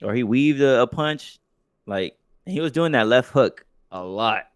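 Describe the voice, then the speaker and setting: A young man co-hosting a podcast speaks at a medium pitch, expressively and a little slowly, with a clean tone and clean studio sound free of room noise. In casual chat he swears freely and tells loose stories full of mocking impressions of others.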